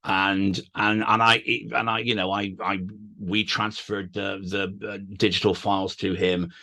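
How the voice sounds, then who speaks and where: Man, tenor, bright forceful tone, quick animated chatter, guest on a talk show. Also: fairly low pitch. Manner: naturally very fast talker, animated, self-deprecating. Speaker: guest radio DJ and author. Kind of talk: casual interview chat.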